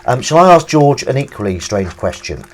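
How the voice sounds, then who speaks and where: Man, casual livestream host, animated pitch, rambling and self-deprecating, reads chat while doing dishes. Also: moderate pace, slight background noise. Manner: rambling, self-mocking, chatty asides. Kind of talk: casual chat reading viewer comments.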